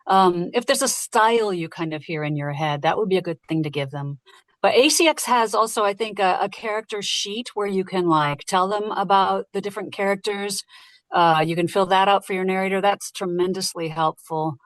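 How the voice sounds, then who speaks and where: A woman who narrates audiobooks, talking casually and lively in an interview and laughing easily. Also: mid-range voice, no room sound. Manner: lively, chatty, quick to laugh.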